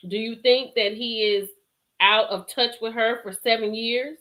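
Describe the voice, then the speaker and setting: A woman's voice: on the high side, unhurried. A woman hosting a live stream show, chatting with viewers, laughing and reading their comments. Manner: animated, laughs often, chatty Southern-style slang.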